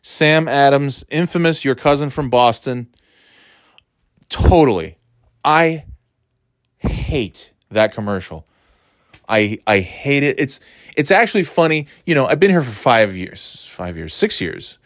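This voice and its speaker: A man's voice: mid-range voice, animated, measured pace, long pauses, dry recording, clean studio sound. A man from the US East Coast talking casually to camera, rambling and sardonic, with many restarts and fillers. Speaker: vlogger.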